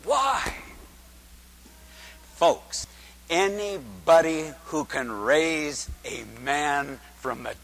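Priest giving a sermon: high, lively and bright male voice, booming and dramatic, with long church reverb. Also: very slow, pauses often. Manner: dramatic, addresses the congregation with rhetorical questions; booming preacher's delivery. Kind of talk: liturgical sermon.

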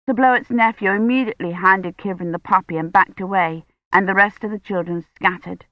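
A woman's voice: mid-range voice, dry recording. Woman narrating an audiobook, dull dry sound. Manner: even, measured reading. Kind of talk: scripted narration.

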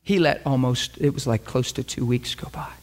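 A man preaching and telling a testimony story, animated and acting out the dialogue of the people in it. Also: mid-range voice, normal speed, heavy background noise. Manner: animated, acts out dialogue with laughter.

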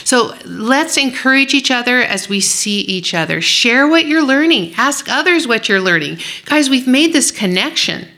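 A woman's voice: high-pitched, lively intonation, moderate pace, few pauses, bright, forceful tone. A woman leading a women's Bible study, teaching and praying in an earnest, encouraging way.

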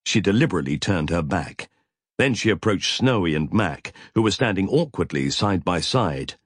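A man's voice: deep voice, animated, moderate pace, husky, dry recording, studio quality. A man narrating a science fiction audiobook in a vivid, tense storytelling manner.

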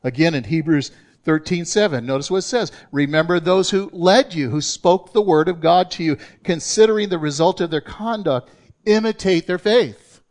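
A male pastor preaching a sermon, earnest and emphatic, slowing down to read scripture aloud. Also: fairly high pitch, a little mellow.

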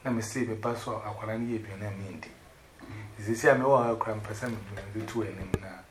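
A man rambling excitedly in casual chat, switching between pidgin English and Twi. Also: fairly low pitch, quick pace. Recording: echoey room with loud background noise.

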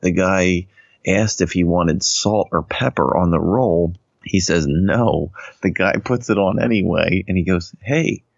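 A laid-back man with a very deep, gravelly voice shares stories in casual podcast chat, often laughing partway through. The recording is dry and a little dull. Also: measured pace, no room sound. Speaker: podcast co-host.

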